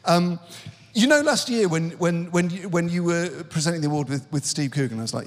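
Animated male comedian telling stories. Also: a little high, fairly quick. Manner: animated storyteller who acts out the people in his stories. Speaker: guest comedian. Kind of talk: casual chat, telling anecdotes. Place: stage before a live audience. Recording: live venue with long reverb.

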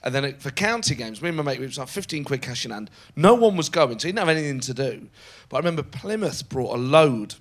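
A young man, a guest comedian telling animated, sweary stories in a casual chat. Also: mid-range voice, fast talker, hardly any pauses. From Nottingham, England. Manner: animated storyteller, swears freely, laughs mid-sentence.

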